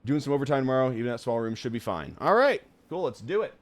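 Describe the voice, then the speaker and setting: Animated rambling male game streamer. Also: mid-range voice, no echo. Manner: rambling, laughing, swearing, reads on-screen text aloud quickly. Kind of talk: live gameplay commentary.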